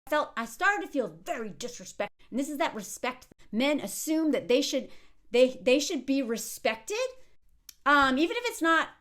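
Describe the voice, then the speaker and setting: A woman in her thirties giving casual, animated commentary on a reality show, often mimicking the people she quotes. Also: high voice, normal speed. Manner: animated, quoting others in mocking voices.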